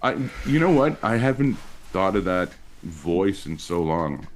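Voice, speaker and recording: A male comedian from Montreal chatting as a podcast guest, telling stories in a loose, lively way with lots of fillers. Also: a little slow, a little hiss or hum. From Montreal, Canada. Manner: chatty storyteller with lively pitch swings. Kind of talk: casual interview chat.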